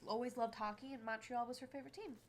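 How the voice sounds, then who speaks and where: A woman's voice: fairly high pitch, fairly even intonation, fast, a little hiss or hum. A woman co-hosting a podcast, retelling scenes at length in casual chat with frequent restarts. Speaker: podcast co-host.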